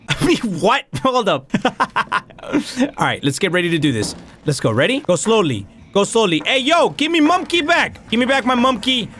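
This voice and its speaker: A man giving excitable, profane let's-play commentary on a game, slipping into Spanish slang now and then. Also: sits high, normal speed. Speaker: gaming YouTuber. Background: game music.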